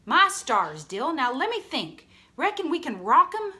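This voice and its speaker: A proud, jumpy young boy who insists he fears nothing, drawling his words in a high, lively voice that climbs and dips a lot, as a woman reader puts him on. His tone is bright and sharp, and he sounds insistent and a bit scoffing. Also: measured pace, exaggerated voice. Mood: excited.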